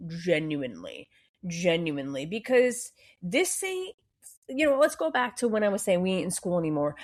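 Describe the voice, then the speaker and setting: Young woman, New Jersey accent, slightly low voice, solo podcast host, blunt profane rant, hot and cranky. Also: big pitch swings, moderate pace. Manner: blunt and profane, heavy swearing.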